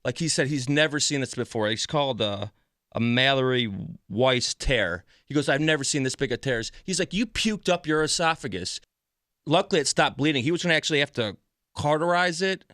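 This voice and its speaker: A man's voice: mid-range voice, lively intonation, brisk, fairly bright tone, no echo, studio quality. A man on a morning radio show, animatedly retelling a bad hospital night, voicing the people in it with exasperation.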